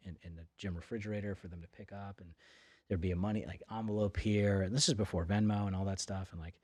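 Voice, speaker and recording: Guest, male, lowish voice, dry close sound, chatty storyteller full of fillers. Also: a little mellow, no room sound. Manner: rambling, with many fillers and restarts. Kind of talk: casual storytelling. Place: studio in Boca.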